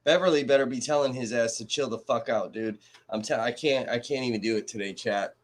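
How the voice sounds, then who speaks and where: A man's voice: medium pitch, a little fast. A man hosting a casual livestream from home, talking to his chat in an angry, heated way with heavy swearing. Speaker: livestream host reacting to a trial. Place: home room.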